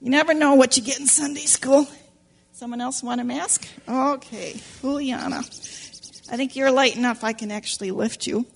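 In a church classroom, a woman leads a Sunday school lesson, telling children a story in an animated, playful manner and pausing often to ask them questions. Her voice sits a little high, with vocal fry and slight roughness, at normal speed.

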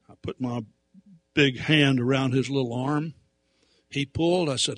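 A man preaching through a personal story, animated, dropping to quiet asides and rising to loud emphatic outbursts. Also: medium pitch, normal speed, long pauses. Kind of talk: storytelling sermon.

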